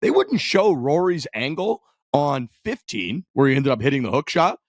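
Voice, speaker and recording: A man's voice: on the high side, moderate pace, no echo, studio quality. A man co-hosting a podcast, telling a golf finish blow by blow in loose, profane chat. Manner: animated, profane play-by-play storytelling. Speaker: podcast co-host. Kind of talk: casual sports chat.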